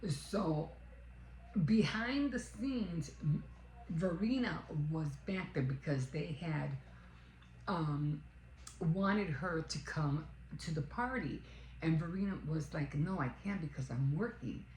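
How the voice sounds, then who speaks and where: A woman's voice: low-pitched, slow, long pauses, a little mellow, roomy sound, slight background noise, low-quality recording. A woman casually retelling a story, rambling along with many fillers and self-corrections. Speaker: vlogger.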